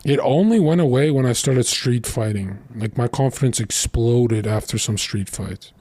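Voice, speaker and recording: A man's voice: mid-range voice, normal speed, dark tone, dry recording. A young man telling crude stories in a blunt, boastful casual monologue as a streamer.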